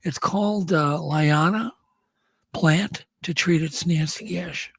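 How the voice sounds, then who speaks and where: A man's voice: fairly high pitch, slow pace, creaky, fairly bright tone, breathy edge, dry recording. A man co-hosting a podcast, running through news items in a chatty, rambling way with frequent restarts. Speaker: podcast co-host. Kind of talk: casual chat.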